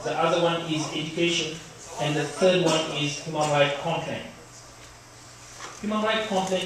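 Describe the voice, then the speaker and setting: A middle-aged man giving a university lecture on human rights, explaining earnestly and telling a personal story. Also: fairly high pitch. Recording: echoey room recorded from far off.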